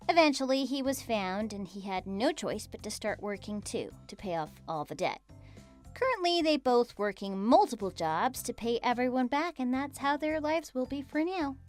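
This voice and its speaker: A woman giving scripted narration of her story in a brisk, matter-of-fact way. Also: a little high, animated, faint music behind.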